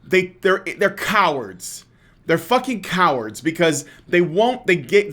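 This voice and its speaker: A man hosting a podcast, ranting in a fairly high voice. He swears freely and sounds exasperated, piling up "like" and "you know" and restarting sentences as he goes. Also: fairly bright tone. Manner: profane, exasperated, with frequent fillers and restarts. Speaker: podcast host. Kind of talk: heated casual rant.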